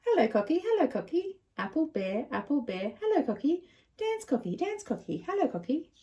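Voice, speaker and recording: A woman voicing an excited young boy who wants a parrot, speaking in a repetitive, sing-song way. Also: high-pitched, moderate pace, voice pushed up. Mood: chirpy.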